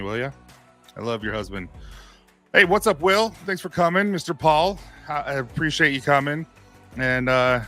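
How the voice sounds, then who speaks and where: A man's voice: medium pitch, sharp tone. A man hosting a casual live stream, upbeat and chatty, greeting viewers by name.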